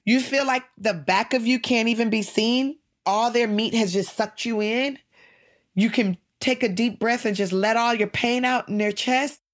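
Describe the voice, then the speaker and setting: A middle-aged woman comedian telling stories in a casual interview, animated and laughing, acting out voices in her anecdotes. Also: on the high side, moderate pace. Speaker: comedian and guest.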